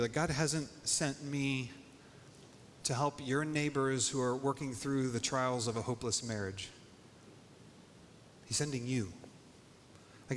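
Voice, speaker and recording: A man's voice: on the high side, fairly bright tone. A male pastor preaching a sermon in a casual, conversational way, dropping "like" often. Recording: long hall reverb, faint noise.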